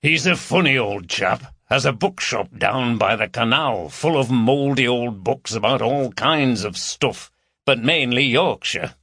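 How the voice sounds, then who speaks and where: Bloke doing a brisk detective voice, matter of fact, lively and bright. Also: male voice, medium pitch, husky, no room sound, clean studio sound, heavily acted. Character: Yorkshire police detective, man, matter-of-fact.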